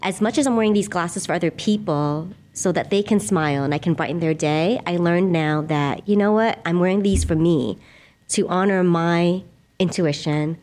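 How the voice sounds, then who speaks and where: A middle-aged woman guest, a laughter yoga leader, speaking in an earnest, gentle, reflective way in a conversational interview. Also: fairly low pitch, moderate pace. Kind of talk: conversational interview, guided exercise.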